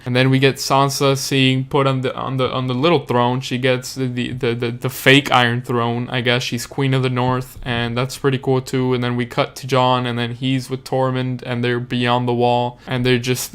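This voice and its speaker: A man's voice: mid-range voice, a bit bright, smooth. A young man giving a casual video review, ranting and upset, frequently restarting sentences and swearing. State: upset and deflated. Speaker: YouTube TV reviewer.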